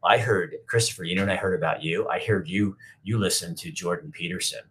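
A middle-aged man with a deep, low-pitched voice chats loosely on a livestream and reads out viewers' comments. He answers them bluntly and wanders from point to point, swearing freely and restarting his sentences. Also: a little fast, fairly bright tone, a little hiss or hum. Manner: rambling, blunt, with frequent profanity and restarts. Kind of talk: casual unscripted livestream talk.

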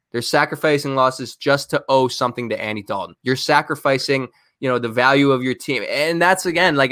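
A man co-hosting a sports podcast, ranting in an animated, exasperated way and firing off rhetorical questions. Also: mid-range voice, dry recording, studio quality. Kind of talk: heated sports talk.

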